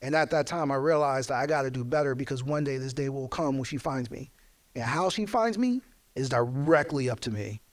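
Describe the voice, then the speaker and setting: A man's voice: mid-range voice, expressive, fairly quick. A man speaking as a guest at a live podcast show, sharing a personal story in an earnest, reflective way. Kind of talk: personal testimony. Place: live show venue with audience.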